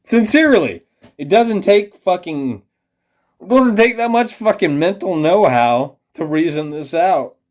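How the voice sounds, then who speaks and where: A man delivering an angry, profane rant straight to his viewers, condescending as he lurches from low muttering to loud outbursts. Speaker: vlogger. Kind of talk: ranting monologue to camera.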